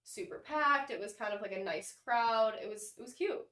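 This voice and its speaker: A woman's voice: fairly high pitch, a bit bright. A young woman co-hosting a podcast, chatting with enthusiasm in a casual recap. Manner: chatty, enthusiastic, quick to laugh. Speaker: podcast co-host. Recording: echoey room.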